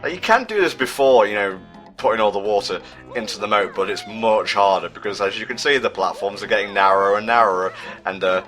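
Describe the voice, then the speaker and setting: A man's voice: on the low side, fairly quick, fairly bright tone, faint music behind. A British man giving casual, sardonic commentary on a game he plays, often stumbling as he hunts for words. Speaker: let's play commentator.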